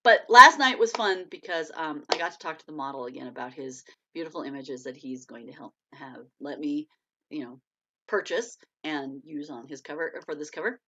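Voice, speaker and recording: A chatty middle-aged woman talks casually on a live stream, her voice bright and forceful. She laughs often and answers viewer comments as she goes. The audio is dull and lo-fi. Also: low-pitched, normal speed. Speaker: author hosting a live stream.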